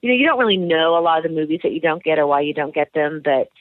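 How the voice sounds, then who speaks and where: An actress and author gives candid radio interview answers about her writing and career, rambling with many restarts and fillers. Her low-pitched voice is expressive and rapid-fire, and the recording is dry and phone-like with a narrow band and no room sound.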